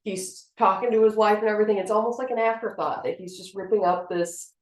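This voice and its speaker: A woman in a casual film discussion, retelling scenes in detail with animated quotes. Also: mid-range voice, fast. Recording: roomy echo.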